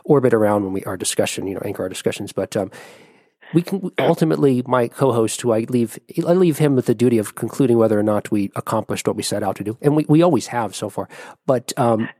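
A man's voice: mid-range voice, fast talker, mellow, no room sound, studio quality. A man hosting a podcast, asking long, meandering questions with frequent restarts. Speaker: podcast host. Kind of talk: casual interview.

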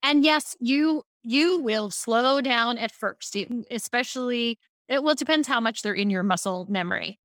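A woman from Baltimore, a speaking coach, telling lively stories as a podcast guest. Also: fairly high pitch, moderate pace, no echo, studio quality. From Baltimore, USA. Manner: lively storyteller, animated asides. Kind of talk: casual podcast interview.

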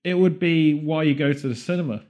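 A man co-hosting a podcast, rambling through absurd comic theories in a deadpan way. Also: fairly high pitch, dull audio. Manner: rambling deadpan absurd riffs, quick bursts of put-on voices. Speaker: podcast co-host. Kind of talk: comedic podcast banter.

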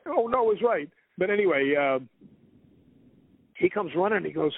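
A man with a fairly high voice spins a rambling story as an interview guest and laughs between the lines. The sound is thin and phone-like, with a dry, close feel. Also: animated, normal speed, gravelly, no echo. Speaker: guest author.

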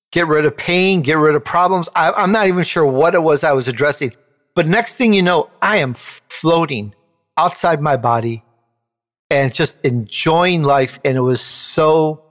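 A male show host, speaking in a large hall, animatedly tells an interviewer about something that happened to him. Quoting others makes his pitch jump upward.

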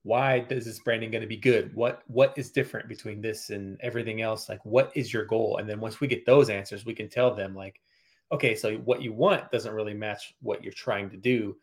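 Guy explaining branding work, lowish voice, calm and steady. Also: fairly quick, slightly rough. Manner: explains steadily, acts out client dialogue. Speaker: graphic designer guest. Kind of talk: casual interview answers.

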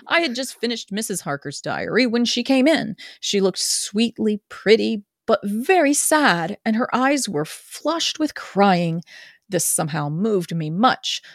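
A woman's voice: mid-range voice, big pitch swings, unhurried, no room sound, studio quality. Wry woman reading aloud casually. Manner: wry, laughing asides. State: slightly drunk. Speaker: podcast co-host and reader.

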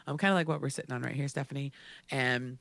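Animated man telling a wild story. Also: mid-range voice, fast talker, creaky, dry recording. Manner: animated, filler-heavy with frequent "like". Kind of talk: casual storytelling chat.

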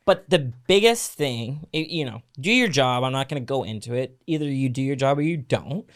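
A man's voice: mid-range voice, lively intonation, moderate pace. A man co-hosting a casual podcast, blunt and profane, who mocks people by putting on their voices. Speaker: podcast co-host, realtor.

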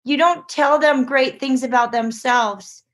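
A woman's voice: high-pitched, unhurried, fairly bright tone. A woman who writes children's books, telling her story as an interview guest and acting out the voices in it. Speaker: children's book author.

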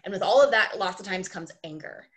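A woman coach talks in a casual podcast interview with a mid-range voice. She tells her stories with emphatic repetition and a lot of energy, and she builds each point in steady, rhythmic steps. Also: mid-range voice, brisk. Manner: animated storyteller, emphatic repetition. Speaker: ice skating coach, podcast guest.

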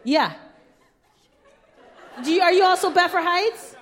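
A woman from Cleveland co-hosting a casual comedic chat before a live audience, playful and quick to laugh. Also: very high-pitched, lively intonation, big-room sound, some chatter behind, slight background noise. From Cleveland, Ohio.

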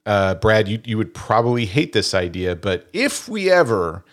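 A man co-hosting a casual podcast, talking in halting bursts and often restarting his sentences. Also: on the low side, expressive. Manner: halting, repeats words and starts over. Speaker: podcast co-host.

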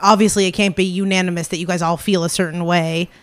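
A man's voice: high-pitched, flat delivery, fast talker, fairly bright tone. A man hosting a casual interview, curious and asking follow-up questions. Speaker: host.

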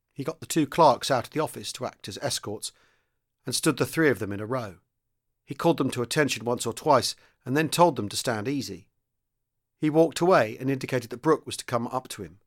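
A man reads a wartime novel aloud in a steady, mid-pitched voice. His narration stays even, and his voice rises in pitch and volume whenever a character speaks.

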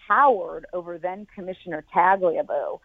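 A woman, a former football team executive, answering interview questions in an articulate, measured way and telling lively anecdotes. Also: fairly low pitch, dry recording. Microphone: telephone. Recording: tinny phone line.

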